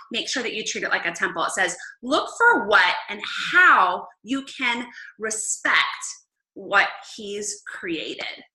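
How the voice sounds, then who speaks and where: A woman leading a casual Bible study talk, chatty and upbeat, laughing often and filling pauses with "um.". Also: medium pitch, pushed and bright, reverberant, rough recording.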